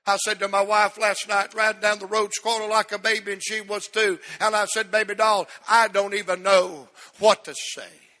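A middle-aged man preaching an emotional sermon as pastor in a church, with a drawn-out cadence that swells. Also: high voice, level tone, pushed and bright. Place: church sanctuary. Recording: long hall reverb.

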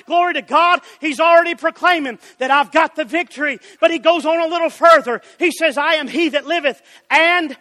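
A man preaching a fiery Baptist sermon, shouting and calling out to congregants by name. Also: very high voice. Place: church sanctuary. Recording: church hall with long reverb.

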